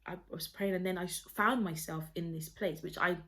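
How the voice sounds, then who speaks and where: A woman's voice: fairly low pitch, fairly even intonation, a little fast, fairly bright tone. A woman telling a personal faith story to her phone camera at home, earnest and rambling, with many restarts. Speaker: vlogger sharing a personal testimony.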